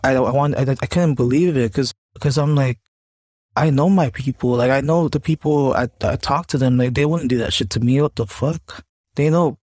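Man, husky voice, dry close sound, rambling casual vlog rant with profanity. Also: medium pitch, a little mellow, no room sound. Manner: rambling, heavy swearing, many restarts. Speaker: vlogger.

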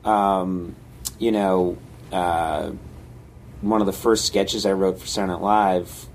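Animated male comedian telling stories. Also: deep voice, slow pace, slight background noise. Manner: animated, acts out scenes with sudden yelps. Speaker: guest comedian. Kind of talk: casual interview storytelling.

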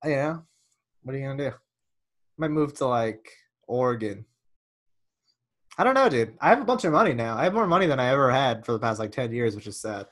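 A man's voice: mid-range voice, big pitch swings, a little fast, long pauses, fairly bright tone. A man in his thirties, co-hosting a casual podcast, telling profane rambling stories full of "dude". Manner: profane, ranting storyteller, lots of "dude". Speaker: podcast co-host.

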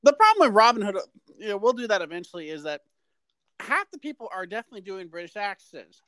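A man's voice: sits high, very animated, quick pace, sharp tone, clean tone, no room sound. A man co-hosting a podcast, giving rambling, opinionated film criticism in casual chat. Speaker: podcast co-host.

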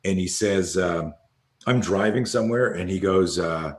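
A deep-voiced older man talks in a loose, rambling way, swearing now and then and slipping into the voices of people he quotes. His voice rings out in an echoey room. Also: measured pace. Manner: rambling storyteller who swears freely and acts out quotes. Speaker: podcast guest, fear coach. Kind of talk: casual conversation.

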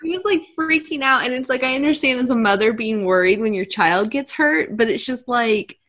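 Blunt young woman, slightly high voice. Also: fairly bright tone. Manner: blunt, laughing, quick reactions. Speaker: podcast co-host. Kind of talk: casual chat.

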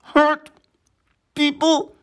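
A woman's voice: medium pitch, sing-song, unhurried, slightly rough. A woman voicing a strange, eager, awkward frog-like young boy who stammers and pleads in a storybook reading. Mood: pleading.

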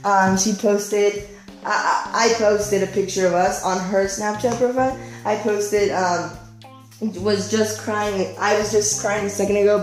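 A woman's voice: mid-range voice, darkish tone. A teenage girl vlogging a story time, rambling through heavy "like" fillers and acting out quotes in a raised voice. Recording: echoey room, faint music behind.

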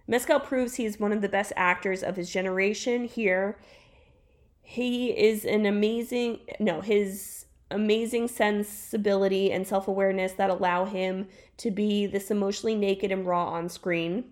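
A woman's voice: mid-range voice, steady tone, normal speed, a little mellow. A woman podcast co-host on a video call, reading a review aloud in a casual chat, stumbling and restarting over words and laughing easily.

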